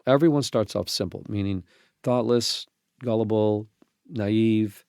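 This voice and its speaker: Gravelly low-voiced man, emphatic host. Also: a little slow, a little mellow, no room sound, clean studio sound. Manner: emphatic, preacherly, with restarts. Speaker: podcast host. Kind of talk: faith-based podcast conversation.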